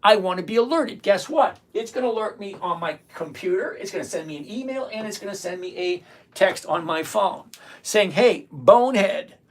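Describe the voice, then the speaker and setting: Reading viewer comments aloud on a live stream, an older, retired investing host answers them bluntly and sarcastically in a casual way, frequently repeating phrases for emphasis. The voice is medium-pitched, expressive, and fairly quick.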